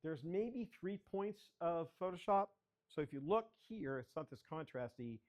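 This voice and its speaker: A man's voice: a little high, animated, normal speed, darkish tone. An older man, a photographer, telling stories as he takes a club through a slideshow of his work and calls for each next slide. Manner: chatty storyteller, asking for the next slide. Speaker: guest speaker, photographer. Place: children's library area.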